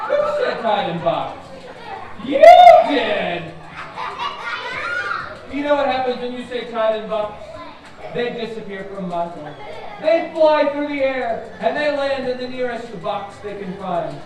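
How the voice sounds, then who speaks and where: A man's voice: very high voice, measured pace. Male kids' magician, bouncy sing-song patter, mock-shocked asides; distant echoey live take with a crowd. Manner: playful, animated, chanting and mock-surprised. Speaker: children's magician. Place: live show at an orchard.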